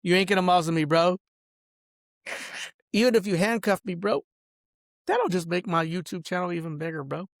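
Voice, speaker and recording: Ranting man, swinging wildly in pitch. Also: lively intonation, moderate pace, vocal fry, pauses often, no echo, studio quality. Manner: peppers every line with "bro" and "dog"; angry, boastful and rambling. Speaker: vlogger. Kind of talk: rambling monologue rant.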